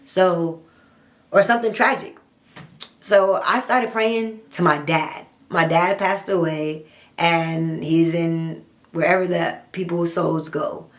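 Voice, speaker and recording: A young adult woman, telling her own story in a blunt, profane, animated storytime monologue. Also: on the low side, slow pace. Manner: blunt, profane, animated retelling with quoted dialogue.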